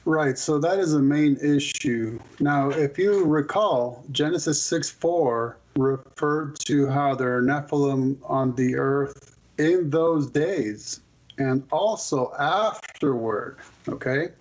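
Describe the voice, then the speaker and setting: Male podcast guest, fairly high voice, muffled lo-fi sound, explaining his case. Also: slow. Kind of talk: conversational explaining.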